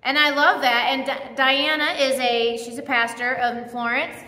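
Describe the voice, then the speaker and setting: Chatty high-voiced woman preaching in a hall. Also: level tone, moderate pace, pushed and bright. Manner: chatty storytelling with acted quotes. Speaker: church speaker. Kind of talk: conversational sermon. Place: church hall. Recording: roomy hall reverb.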